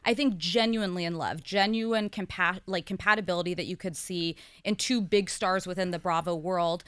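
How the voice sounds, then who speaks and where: A woman's voice: lowish voice, steady tone, normal speed, clear, resonant tone, dry recording. A woman in her thirties, a talk show co-host speaking candidly in a casual podcast conversation, with frequent fillers. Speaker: co-host and guest.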